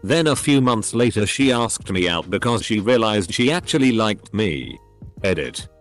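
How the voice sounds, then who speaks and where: A man's voice: fairly low pitch, very animated, normal speed, soft background music. A text-to-speech male voice reading online posts aloud in short, clipped sentences. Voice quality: synthetic computer voice. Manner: reads short clipped sentences one after another.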